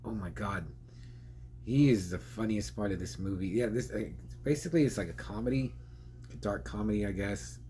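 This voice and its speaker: Homme à la voix grave, critique de film bavard. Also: male voice, on the low side, moderate pace, mellow, a little hiss or hum. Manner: rambling, chatty, laughs often. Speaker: film reviewer. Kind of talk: casual spoken film review.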